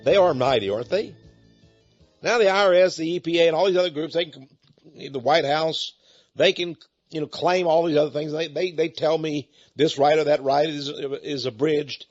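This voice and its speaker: A man's voice: on the high side, fairly even intonation, normal speed, dull audio, faint music behind. A man hosting a radio talk show, making a folksy, chatty appeal to listeners and often repeating his words.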